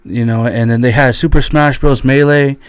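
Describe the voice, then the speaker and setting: A man's voice: fairly even intonation, normal speed, smooth. A young man co-hosting a podcast, telling stories casually with plenty of swearing and acting out what friends said. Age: young adult. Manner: loose, swearing storyteller who acts out quoted friends in a higher voice. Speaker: podcast co-host. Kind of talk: casual chat.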